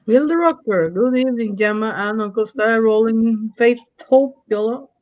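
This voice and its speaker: A playful, giggly woman chatting on a live stream, her voice a little high. She greets viewers one by one by name. The audio is muffled and lo-fi. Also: normal speed. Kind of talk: casual live-stream chat.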